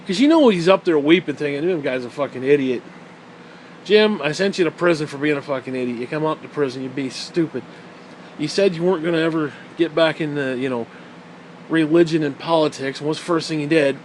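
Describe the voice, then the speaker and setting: A young man rants through a story in a casual, rambling way, swearing freely and mocking with a laugh. His voice sits a touch high for a man. A faint hum runs behind him. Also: quick pace.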